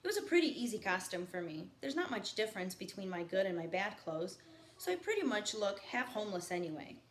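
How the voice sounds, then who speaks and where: A woman teacher reading a novel aloud to her students, stopping for quiet teaching asides. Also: mid-range voice, sing-song, fairly quick. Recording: echoey room with faint background noise.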